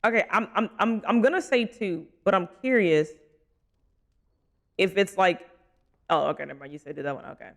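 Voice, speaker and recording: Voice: medium pitch, moderate pace, vocal fry, long pauses, a bit bright. Giggly young streamer chatting while gaming. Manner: giggly, chatty and playfully teasing. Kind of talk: casual gaming live stream chat.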